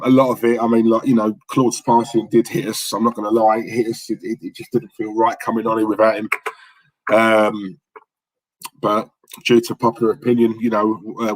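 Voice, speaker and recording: A man's voice: on the low side, husky, no room sound, poor audio. A man hosting a live football watchalong, chatting casually and cheekily while reading comments, with lots of fillers and repeated words. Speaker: livestream host.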